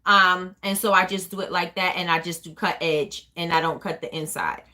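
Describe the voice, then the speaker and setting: New Jersey woman, business owner hosting a live chat, rapid and rambling, bright tone. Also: lowish voice, fairly even intonation. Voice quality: fast-talking, rambling with many ums. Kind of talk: casual live chat answering viewers.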